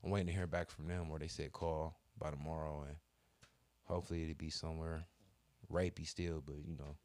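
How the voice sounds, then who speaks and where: A man's voice: rumbling low, flat delivery, a little fast, darkish tone, no room sound. A man co-hosting a podcast in casual chat, telling a story with heavy cursing and slang. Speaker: podcast co-host.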